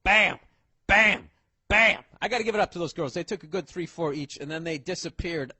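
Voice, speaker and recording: A man telling a profane story on stage as a stand-up comedian, loud and swearing, acting out the characters he talks about. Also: a little high, quick pace, husky, dry recording.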